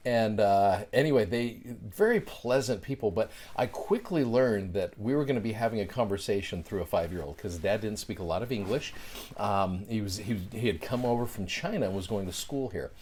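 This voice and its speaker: A middle-aged man tells a personal story as a show host, casual and animated, his fillers tumbling in as he goes. His voice sits a little low for a man. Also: moderate pace, slight background noise. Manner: chatty, animated, many fillers. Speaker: podcast host.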